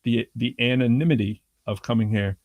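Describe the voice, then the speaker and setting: Brief: male host, gravelly, dry close sound, chatty storyteller who acts out every quote. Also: mid-range voice, steady tone, a little fast, no echo, phone-quality sound. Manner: chatty, frequent "you know what I'm saying". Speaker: rapper. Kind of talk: casual conversation.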